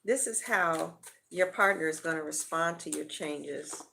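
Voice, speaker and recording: A woman's voice: low-pitched, a little slow, gravelly, bright, forceful tone, slight background noise. A woman giving a casual tarot reading in a blunt, profane way of talking. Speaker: tarot reader.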